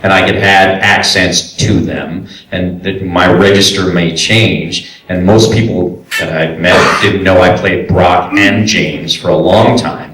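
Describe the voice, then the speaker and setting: A man's voice: low-pitched, fairly even intonation, slow, few pauses, fairly bright tone, a little hiss or hum. A man, a voice actor and director, answering audience questions at a convention panel in a loose, chatty way full of fillers and restarts. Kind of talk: casual Q&A talk to a live audience. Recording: echoey room from far off.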